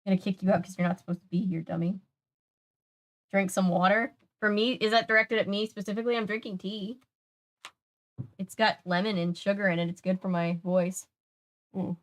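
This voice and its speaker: A woman's voice: mid-range voice, level tone, moderate pace, pauses often. A young woman chats casually with her stream audience between book chapters, circling her points with filler words. Her voice sits mid-range for a woman. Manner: chatty, many filler words, talks to chat. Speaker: live-stream host reading a book aloud. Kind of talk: casual live-stream chat.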